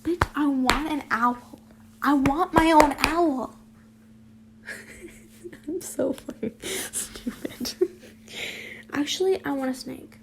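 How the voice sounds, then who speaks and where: Young girl reading her fanfic, high voice, slow, goes off on rambly giggly tangents. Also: noisy background. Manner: rambling, giggly and self-deprecating, often whispering asides. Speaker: fanfiction reader and vlogger. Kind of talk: casual story reading with chatty asides.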